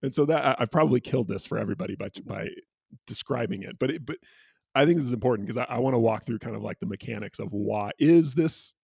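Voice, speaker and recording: A man co-hosting a casual book discussion, retelling a picture book and slipping into quick quoted voices. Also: mid-range voice, vocal fry, a little mellow, husky, no echo. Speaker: co-host.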